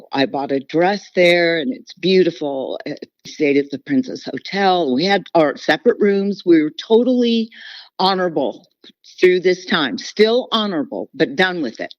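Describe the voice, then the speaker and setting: A woman's voice: deep voice, dry recording. Earnest woman telling a personal story. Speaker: podcast guest. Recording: dull, lo-fi podcast audio.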